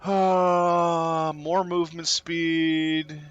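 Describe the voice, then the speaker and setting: A man streaming a game, chatting casually and excitably as he plays. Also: fairly high pitch, drawn-out words, smooth, dry recording, muffled recording, soft background music. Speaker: gaming streamer.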